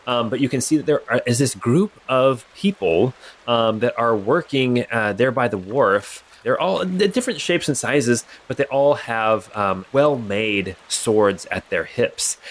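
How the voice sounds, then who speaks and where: A man's voice: fairly low pitch, a bit bright. A man narrating a tabletop role-playing game as game master, describing scenes loosely with many fillers.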